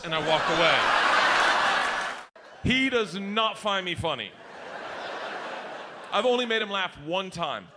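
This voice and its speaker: A man doing stand-up on a club stage, his voice sitting high and leaping all over as he tells rowdy stories and shouts punchlines. The live recording carries a clear layer of noise behind him. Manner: loud, shouting bursts and rowdy storytelling. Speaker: stand-up comedian. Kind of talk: stand-up comedy set.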